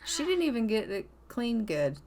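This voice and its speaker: A young woman casually commenting on her gameplay in a chatty way, speaking her characters' thoughts in quick asides. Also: a little high, very animated, a little mellow. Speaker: gaming video host.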